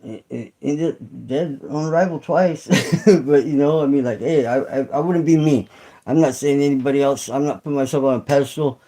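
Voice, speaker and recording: A middle-aged man chatting loosely to his viewers on a livestream, his voice sitting a little high for a man. He rambles and swears, circling back through "I mean" and restarts. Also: a little fast, mellow, low-quality recording. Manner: rambling and profane, many fillers and restarts. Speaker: channel host. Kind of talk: casual livestream chat with viewers.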